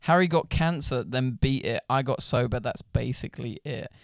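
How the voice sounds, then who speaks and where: A young man with a gravelly, creaky edge to his middle-pitched voice, hosting a casual podcast. He reads a story aloud and keeps breaking off for crude, joking banter. The sound is dry and close. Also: animated, normal speed, no room sound. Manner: banter, laughs often, crude slang. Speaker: podcast host. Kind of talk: casual chat, reading stories aloud.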